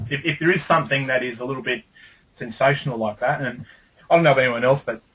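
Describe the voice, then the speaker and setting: Man, webinar host, husky voice, animated casual talk, computer mic. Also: medium pitch, fast talker, low-quality recording. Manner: animated, breaks into lively demo readings.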